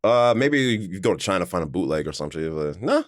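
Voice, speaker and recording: A young man co-hosting a podcast in casual chat, animated and quick to laugh. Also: sits low, dry recording, clean studio sound. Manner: animated, quick to laugh, imitates cartoon voices. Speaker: podcast co-host.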